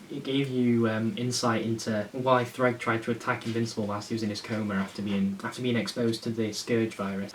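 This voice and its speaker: A man talking through a casual review, rambling and enthusiastic, swearing when he gets worked up. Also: on the low side. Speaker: comic reviewer. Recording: faint hiss, slightly distant mic.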